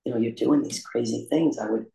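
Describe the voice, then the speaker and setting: A man candidly telling his own recovery story in a confessional, self-deprecating way, with frequent pauses and "um" fillers. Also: medium pitch, steady tone, vocal fry, dark tone. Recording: roomy echo.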